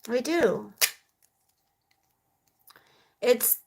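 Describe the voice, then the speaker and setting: A woman's voice: a little high, expressive, very slow, gravelly, background noise. A woman in her forties chatting casually on a livestream, rambling and talking straight to her viewers while answering their comments. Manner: rambling and chatty, talks to viewers as "you guys". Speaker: livestreaming mom vlogger.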